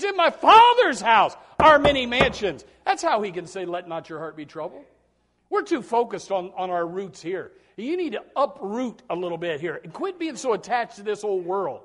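A middle-aged male pastor preaching a sermon with emphatic swings in loudness, often repeating and restarting his words. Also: sits high.

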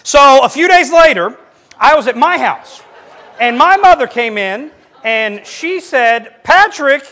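High-pitched middle-aged pastor guy preaching, gets loud and animated telling stories. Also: takes it slowly. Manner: animated storytelling, voice rising for quoted lines. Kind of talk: sermon.

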